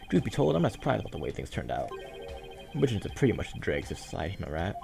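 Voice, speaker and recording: A man's voice: low voice, huge pitch swings, rapid-fire, gravelly, over music, heavily acted. A man voicing a brash, pushy TV producer in a video game dub, talking in slang like a salesman. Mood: sneering.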